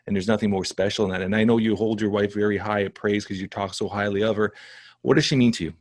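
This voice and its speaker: A man's voice: fairly low pitch, steady tone, fast, no room sound, clean studio sound. A man hosting a podcast interview, speaking in a reflective, affirming way to his guest. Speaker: podcast host. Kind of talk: conversational interview.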